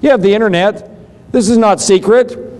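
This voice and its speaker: A man's voice: sits high, normal speed, a little mellow. A middle-aged man giving a seminar lecture on business, folksy and fond of acting out little dialogues to make a point. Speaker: seminar speaker on taxes.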